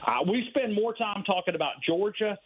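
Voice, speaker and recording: A radio guest calls in to a sports phone interview, his high-sitting, slightly rough voice animated and at normal speed, the recording dry and the line tinny. He rambles emphatically about sports with many restarts.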